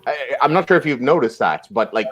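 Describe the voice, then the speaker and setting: Lively man hosting a comedy stream. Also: mid-range voice, quick pace. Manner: upbeat, presenting segments. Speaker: show host. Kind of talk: casual chat. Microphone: video call.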